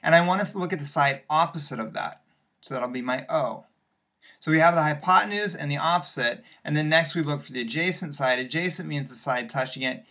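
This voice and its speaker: A man's voice: fairly high pitch, fairly quick, pushed and bright. Man patiently explaining a math lesson. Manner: patient, step-by-step explaining with fillers. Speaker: math teacher. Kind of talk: recorded classroom lesson walking through examples.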